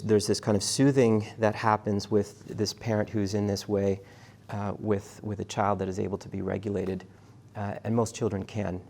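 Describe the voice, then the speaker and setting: Gravelly-voiced male lecturer, halting and casual. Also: lowish voice, a little mellow. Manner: halting, many restarts and fillers, conversational. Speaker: university lecturer. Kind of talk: classroom lecture with questions to students.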